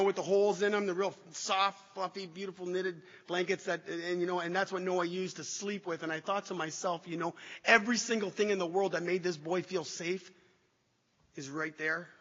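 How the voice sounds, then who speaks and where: A man giving an emotional recovery testimony to an audience, halting and restarting as he speaks. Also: high-pitched, steady tone, bright, forceful tone. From Canada. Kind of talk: personal testimony talk to an audience. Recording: dull echoey hall recording.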